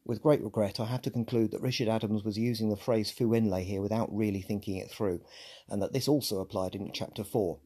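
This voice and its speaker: Man, podcast host, scripted narration, measured and articulate, mellow tone, slightly husky. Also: fairly low pitch, steady tone. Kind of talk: scripted book analysis narration.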